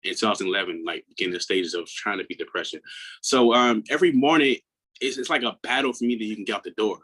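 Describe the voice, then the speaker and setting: A man in his thirties from Maryland, a guest on an interview who speaks earnestly and reflectively, often dropping into a hushed tone. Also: on the low side, fast talker, rough recording. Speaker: guest, mental health coach. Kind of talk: personal storytelling in an interview.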